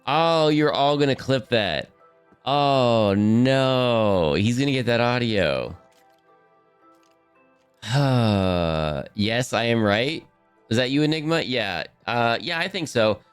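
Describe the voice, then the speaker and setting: A man's voice: medium pitch, lively intonation, takes it slowly, smooth, dry recording, faint music behind. A man chatting casually with viewers on a live stream, laughing often, his voice a little worn from talking.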